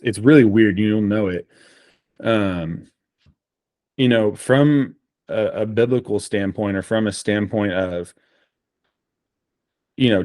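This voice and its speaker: A man in a casual podcast conversation, a guest telling animated stories with frequent fillers. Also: fairly low pitch, no echo, studio quality.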